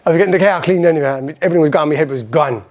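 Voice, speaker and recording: A middle-aged Irish man giving a motivational seminar talk, telling personal stories in an animated way and acting out old conversations. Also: a little high. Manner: rapid, animated storytelling that acts out past conversations.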